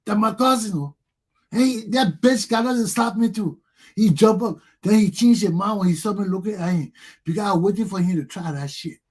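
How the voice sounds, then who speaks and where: A man's voice: high-pitched, a little fast, a little mellow, husky. An older man, hosting a talk show and delivering an angry, profane monologue in repeated jabs. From Liberia. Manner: ranting, profane, repetitive.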